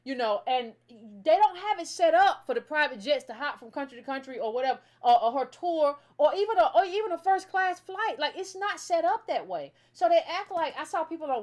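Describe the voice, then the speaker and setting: Fast-talking, high-voiced American woman host. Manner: animated, emphatic, rambling with restarts. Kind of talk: casual political commentary.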